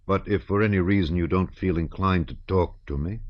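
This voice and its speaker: A man voicing a severe old male Freemason who speaks in a deliberate, measured way. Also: sits low, no room sound, muffled recording, natural voice. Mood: grave, solemn.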